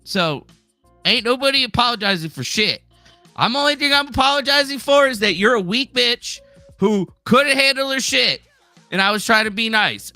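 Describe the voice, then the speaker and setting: A man hosting a livestream, ranting in a heated, profane way and swinging into shouting. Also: extremely high pitch, animated, normal speed, dry recording, faint music behind. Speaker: livestream host. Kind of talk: angry livestream rant.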